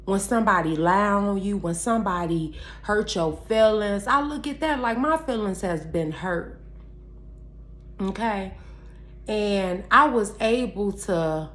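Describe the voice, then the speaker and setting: Woman vlogger, heartfelt faith talk, mid pitch, slow emphatic delivery. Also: animated. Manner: emphatic, repeats phrases like a preacher; candid, addresses viewers directly as y'all.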